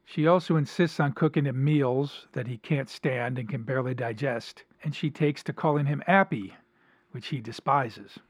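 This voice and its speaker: A man hosting a talk show, reading passages from a story aloud and discussing them in a measured, dramatic way. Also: mid-range voice, breathy edge, no room sound. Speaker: podcast host.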